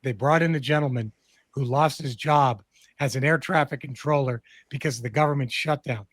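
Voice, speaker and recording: A man's voice: medium pitch, fairly quick, no room sound. A man with a Texan accent hosting a comedy podcast, ranting emphatically with heavy profanity. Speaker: podcast host. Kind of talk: casual comedic political chat.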